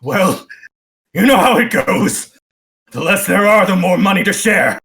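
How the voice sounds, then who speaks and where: A man voicing a greedy, panicky male dwarf captive who shouts in a shrill, frantic voice. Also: expressive, measured pace, creaky, full character voice. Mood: sly.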